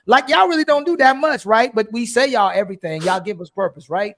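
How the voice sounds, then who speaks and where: High-voiced man preaching in a podcast debate. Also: brisk, few pauses. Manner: preachy, animated, repeats himself. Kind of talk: heated casual podcast debate.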